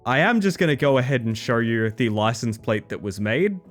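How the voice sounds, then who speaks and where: A man's voice: mid-range voice, big pitch swings, normal speed, soft background music. A young adult man casually commentating on a game stream, telling stories in a joking way. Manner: joking storyteller.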